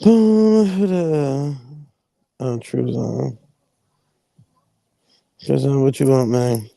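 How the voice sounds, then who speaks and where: A man in casual stream chat, teasing and throwing out quick jokes. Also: medium pitch, creaky, mellow, no room sound. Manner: joking, teasing, quick comebacks. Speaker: guest on stream.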